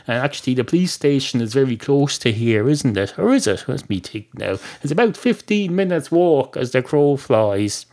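A man's voice: mid-range voice, very animated, moderate pace, few pauses, darkish tone. An Irish man hosting a podcast, improvising a comic story with rambling, dry digressions. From Ireland. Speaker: podcast host.

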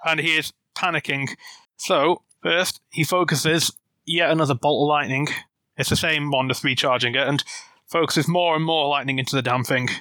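A man playing a tabletop game, describing his character in the third person. His voice is bright and a little tense, recorded dry and close. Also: on the high side, fairly even intonation, moderate pace, no echo. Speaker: player.

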